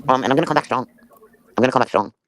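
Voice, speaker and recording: A woman's voice: rumbling low, a little hiss or hum. A woman talking as a guest on a livestream, emotional and swearing freely in heated conversation. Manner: rapid, profane and emotional.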